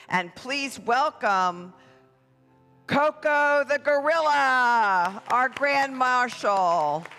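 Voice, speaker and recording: A parade announcer emceeing a church event for families in a playful, drawn-out way. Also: medium pitch, sharp tone. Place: church hall. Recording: echoey hall with music behind.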